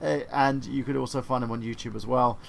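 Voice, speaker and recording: A man's voice: medium pitch, steady tone, brisk, vocal fry. A man co-hosting a podcast, moving the chat along with hesitant fillers. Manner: steering the talk, hesitant fillers. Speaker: podcast co-host. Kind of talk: casual chat.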